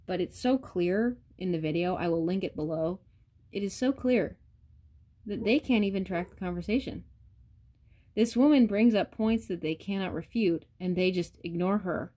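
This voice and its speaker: A woman with a somewhat low speaking voice rants bluntly on her vlog. She swears freely and talks straight to her viewers in a casual, unscripted way. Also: moderate pace, warm tone. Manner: blunt, profane, ranting; addresses viewers directly. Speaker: vlogger. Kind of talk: casual rant to camera.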